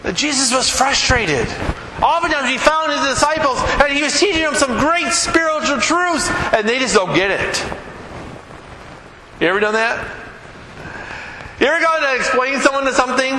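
A man's voice: very high-pitched, expressive, moderate pace, long pauses, noisy background. A middle-aged man preaching a conversational sermon as a pastor, asking the congregation questions. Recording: echoey hall with long reverb.

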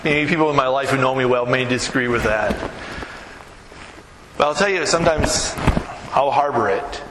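A man's voice: mid-range voice, normal speed. A middle-aged man, preaching a sermon as pastor in a loose, conversational way, often tagging lines with "right?". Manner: conversational, keeps asking "right?"; tells stories with vivid, animated mimicry. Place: church sanctuary. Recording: echoey hall, noisy room tone.

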